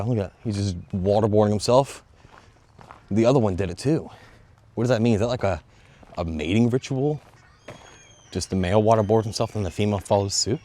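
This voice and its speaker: A young man filming a casual walking travel vlog, talking straight to viewers in a joking, excitable way with plenty of swearing, out of breath as he goes. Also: fairly low pitch. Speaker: travel vlogger. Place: outdoors and in stone tunnels of a sea fortress. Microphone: phone on a selfie stick.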